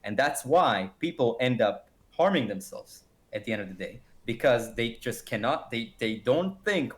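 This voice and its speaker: A man's voice: medium pitch, normal speed, few pauses. Emphatic man arguing his side. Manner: emphatic, animated, acts out quotes. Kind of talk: casual debate.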